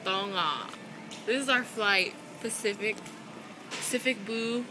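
A woman's voice: mid-range voice, takes it slowly. A young woman filming a family home video at an airport, teasing and giggling as she talks. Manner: giggly teasing, frequent laughter. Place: busy airport terminal. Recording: noisy airport background.

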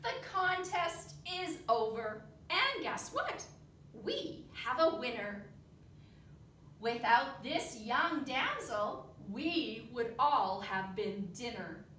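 A male katydid from a storybook announces his words like a speech, high and lively, as a woman reading aloud puts him on. The pace is slow and deliberate. The sound echoes from across a classroom. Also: distant mic, a little hiss or hum, exaggerated voice. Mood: proud. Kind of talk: reading a picture book aloud.

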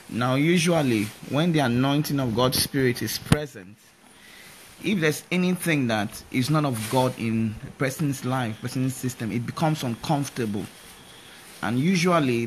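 A pastor explaining calmly with many fillers, breaking into laughter at times. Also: male voice, mid-range voice, slight background noise. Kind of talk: casual live-stream ministry talk.

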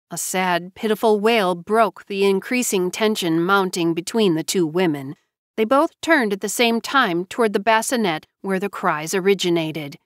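A woman's voice: mid-range voice, no room sound. Woman narrating an audiobook, dry close sound. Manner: measured storytelling.

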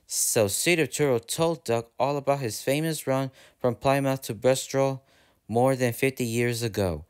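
A man narrating a storybook aloud in a steady, even read-aloud manner. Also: medium pitch, normal speed, clean tone. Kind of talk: storybook reading.

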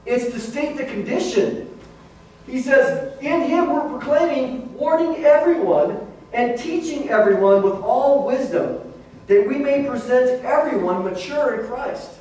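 A man's voice: very high-pitched, expressive, unhurried, darkish tone. A man preaching a sermon as pastor, in a conversational way that keeps calling the listeners "guys". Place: large church sanctuary. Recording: very echoey hall, voice from far off.

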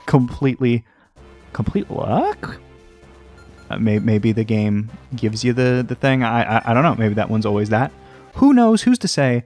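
A man hosting a let's play, rambling and joking at himself, often jumping into a high sing-song voice. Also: a little mellow. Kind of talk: casual gameplay commentary. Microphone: desk microphone.

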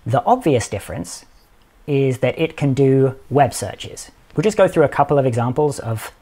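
A man's voice: mid-range voice, moderate pace. Man explaining things in casual chat. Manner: animated, quotes things with dry amusement. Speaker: podcast host.

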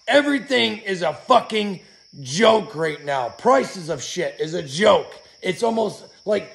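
A man hosting his own channel, venting outdoors in an angry, profane, shouting rant, his voice hoarse from yelling. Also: sits high. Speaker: channel host.

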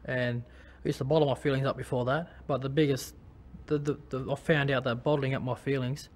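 Halting Australian man, flat voice. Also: mid-range voice. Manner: halting, many restarts and fillers. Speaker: former rugby league player. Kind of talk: personal testimony.

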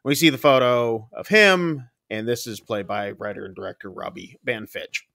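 Guy cohosting a horror movie podcast, rambly, does the screams and quotes himself, average pitch. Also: normal speed, gravelly, sharp tone, no room sound, clean studio sound. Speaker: podcast co-host. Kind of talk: casual film review chat.

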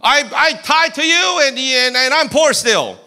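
A man acting out a self-pitying man who cries out at God in loud, whining complaint. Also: extremely high pitch, a little slow, voice pushed up, heavily acted.

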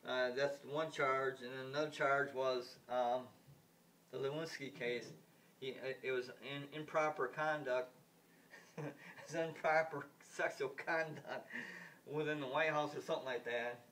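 Far from the mic, a man with a mid-range, fairly bright voice talks at a measured pace and steady tone. He's a vlogger sharing political views in a loose, indignant monologue, blunt and repetitive, full of restarts and stumbles, with the odd swear word.

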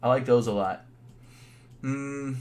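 A young man chatting casually on a live stream, thinking out loud in a laid-back way with plenty of fillers. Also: mid-range voice, takes it slowly. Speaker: sneaker YouTuber live streaming.

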